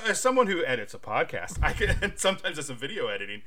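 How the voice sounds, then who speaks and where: A man's voice: on the high side, very animated, fast talker, hardly any pauses, sharp tone. A man co-hosting a podcast, chatting casually and animatedly, with lots of filler likes and laughter. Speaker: podcast co-host. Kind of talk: casual chat.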